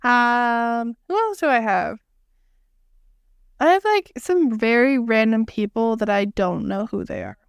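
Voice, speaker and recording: Bright-voiced woman, casual podcast chat. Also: fairly high pitch, expressive, a little slow, clear, resonant tone, no echo, studio quality. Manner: reads list items aloud, playful and chatty. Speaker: podcast co-host.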